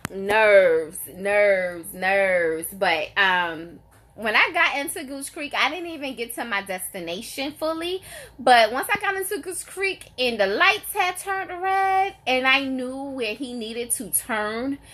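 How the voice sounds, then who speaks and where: Woman in her forties, animated live-chat storyteller, fairly high and crisp voice, emphatic and exasperated. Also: measured pace. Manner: emphatic, exasperated, repeats herself for effect. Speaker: vlogger greeting live viewers.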